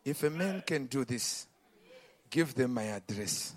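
A man preaching a sermon, moving from quiet talk to loud, shouted climaxes. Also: fairly high pitch, normal speed.

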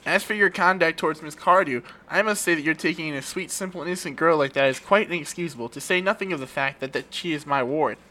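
A man reading his part in a comic play during a casual read-through. He reads earnestly and trips over words now and then. His voice is fairly high and very bright. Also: quick pace, few pauses. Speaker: amateur reader of a play.

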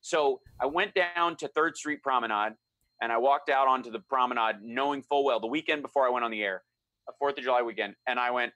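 A middle-aged man telling a story in a relaxed chat, animated and acting out the voices of the people he quotes. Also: mid-range voice, fairly quick, no echo. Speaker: guest storyteller.

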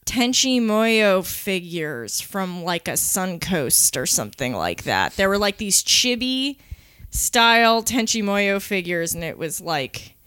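A woman's voice: medium pitch, big pitch swings, slow, fairly bright tone, clean tone, dry recording, clean studio sound. A woman chatting casually on a comedy podcast, rambling with lots of "like".

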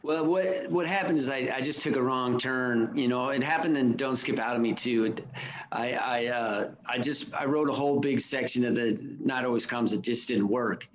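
A middle-aged man speaks as an interview guest in a voice of ordinary, mid-range pitch. He rambles loosely and frankly, swearing now and then and restarting his sentences as he thinks. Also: normal speed, poor audio. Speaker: novelist and songwriter guest. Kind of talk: casual interview talk.

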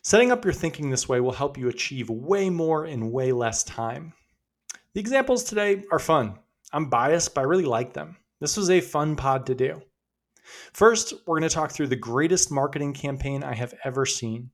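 Male podcast host, slightly higher voice, conversational storyteller. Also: expressive, moderate pace. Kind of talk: scripted podcast narration.

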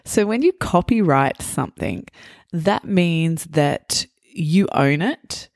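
This is a woman hosting a podcast in a measured teacher voice. Her voice sits on the low side and she explains things clearly for learners. The recording is dry and close to the mic. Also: lively intonation, a little mellow, no echo. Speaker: podcast host. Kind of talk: casual interview, slow teacher voice.

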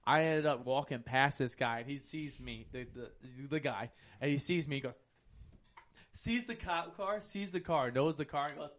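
A man telling a story in casual chat on a podcast, animated and profane, acting out the people in it. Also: on the high side, moderate pace. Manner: animated, profane, acts out other people's lines.

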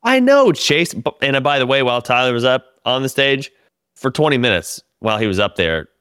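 A man telling profane, animated stories about a comedy tour in casual podcast chat. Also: mid-range voice, a little fast, clean tone, dry recording, clean studio sound. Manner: profane, animated storytelling with laughs.

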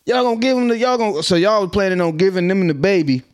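Speaking fast and smooth in a high register, a Minnesota commentary vlogger jokes about the news for viewers. Expect easygoing street slang and plenty of laughter.

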